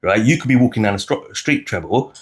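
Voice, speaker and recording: British man, animated podcast debate, low-pitched voice, restarts and acted-out quotes. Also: fairly quick. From United Kingdom. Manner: animated, acts out other people's lines, frequent restarts. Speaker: podcast co-host. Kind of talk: casual debate chat.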